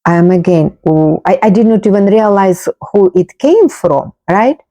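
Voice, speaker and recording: A woman's voice: mid-range voice, lively intonation, normal speed, dark tone, no echo, lo-fi sound, soft background music. A woman telling a personal story to the camera, searching for words with many fillers and restarts, and rising sharply when amused or exasperated. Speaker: video host.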